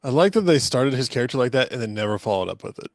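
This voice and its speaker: A man's voice: mid-range voice, animated, racing, no room sound, clean studio sound. A man co-hosting a podcast in loose, joking casual chat, laughing often as he talks. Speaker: podcast co-host.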